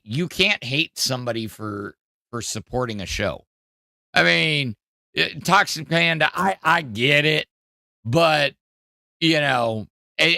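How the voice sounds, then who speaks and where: A man's voice: medium pitch, gravelly, pushed and bright, dry recording. A man hosting a podcast, giving rambling, hesitant casual commentary with many fillers on a close mic. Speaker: podcast host.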